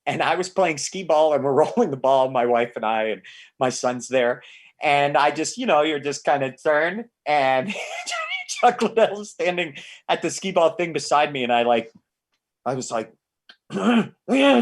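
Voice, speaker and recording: A man in casual podcast chat, an excitable storyteller who stammers through restarts and swears freely. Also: on the high side, moderate pace.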